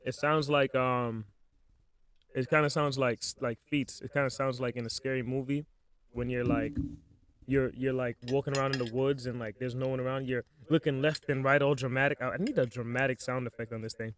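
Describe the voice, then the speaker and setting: A man's voice: medium pitch, fairly even intonation, normal speed, fairly bright tone. A man hosting a casual solo podcast, talking in slangy, joking, playful bursts as he spins an improvised spooky story into his microphone. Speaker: podcast host.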